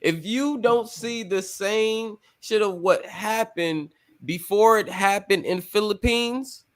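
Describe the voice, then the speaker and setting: A man's voice: sits high, takes it slowly. A man hosting a casual talk show, rambling and emphatic, cursing freely as he explains his views. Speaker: podcast host. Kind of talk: casual chat.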